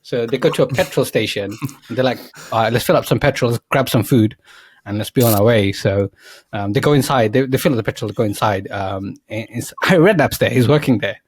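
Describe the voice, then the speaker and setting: A young man on a podcast, telling a rambling comic movie pitch full of swearing and acted-out lines. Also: quick pace, breathy edge, no room sound. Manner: swearing, laughing, acting out quoted lines. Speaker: podcast co-host. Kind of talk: rambling comedic story pitch.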